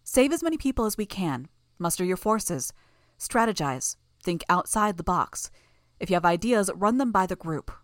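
A woman voicing a composed, authoritative female leader who speaks in a measured, firm way. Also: mid-range voice, very animated, dry recording, studio quality, close to an everyday voice. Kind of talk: audiobook character voice.

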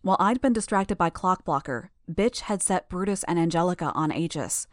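Woman narrator, lowish voice, dry close mic, steady first-person storytelling. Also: moderate pace, no room sound. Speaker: audiobook narrator.

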